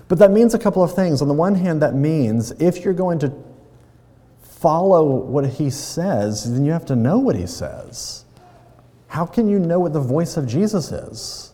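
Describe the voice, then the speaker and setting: A man's voice: fairly high pitch, expressive, moderate pace, warm tone. A man pastor delivering a sermon in a conversational way, using playful everyday examples. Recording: long reverb of a large hall.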